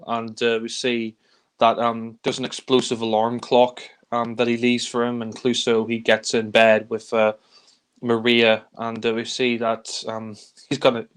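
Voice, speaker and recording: A man's voice: mid-range voice, smooth. A man reviewing films in casual chat, giving a rambling, loose recap of the plot. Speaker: film reviewer.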